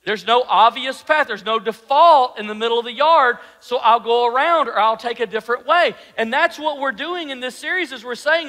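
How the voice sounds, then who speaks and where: High-voiced, bright male preacher in a hall. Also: moderate pace, few pauses. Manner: animated preaching, rhetorical questions, drops to a soft low voice. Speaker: pastor. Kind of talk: sermon.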